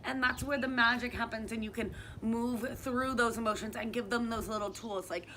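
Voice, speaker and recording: A woman's voice: fairly high pitch, fairly even intonation, moderate pace, hardly any pauses, pushed and bright, slight background noise. A woman who teaches youth yoga, talking earnestly in a casual outdoor discussion and thinking aloud with plenty of fillers. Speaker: youth yoga and wellness instructor. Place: outdoors in sunny weather.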